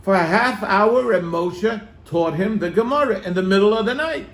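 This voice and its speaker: Rabbi, man, lively storyteller with a high voice, echoey room. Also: moderate pace. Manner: animated, acts out quoted voices. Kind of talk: storytelling to a congregation.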